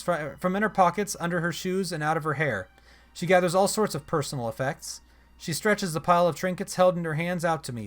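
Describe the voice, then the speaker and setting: Chatty man reading a game aloud. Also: fairly high pitch. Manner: chatty, self-correcting, reads aloud then comments. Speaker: let's play host reading a text adventure. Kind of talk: casual game narration with asides.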